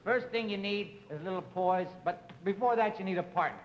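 A man playing an impatient, smooth-talking dance teacher who scolds and coaxes his pupil in a 1950s TV sketch. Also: sits high, brisk, slight background noise, natural voice. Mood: bossy. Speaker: comic actor in a sketch. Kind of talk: 1950s live TV sketch comedy. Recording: dull 1950s broadcast with studio audience laughter.

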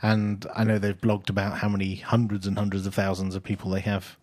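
A man's voice: fairly low pitch, a little fast, dry recording. A British man co-hosting a podcast, chatting casually with fillers and frequent laughs. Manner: relaxed, laughs often, trails off with fillers. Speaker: podcast co-host. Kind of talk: casual panel chat.

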